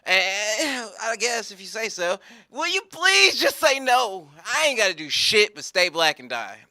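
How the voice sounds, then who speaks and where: A man playing a grown man who grumbles, shouts and gives in reluctantly, in a stand-up bit. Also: high-pitched, lively intonation, normal speed, no echo, voice pushed up, full character voice. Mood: exasperated. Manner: loud, grumbling, resigned. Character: exasperated grown man, going along reluctantly.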